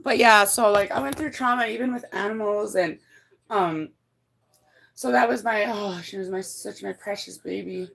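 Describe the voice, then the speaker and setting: A woman's voice: mid-range voice, moderate pace, gravelly, fairly bright tone, rough recording. A woman vlogging from home in a rambling, emotional way, swearing freely and close to tears. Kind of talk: casual chat to viewers. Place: at home indoors.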